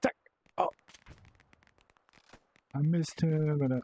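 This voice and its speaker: A young man giving live commentary while playing a game, excitable and swearing as he yells at the bots. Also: mid-range voice, a little slow, pauses often, husky, poor audio. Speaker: VR gameplay creator.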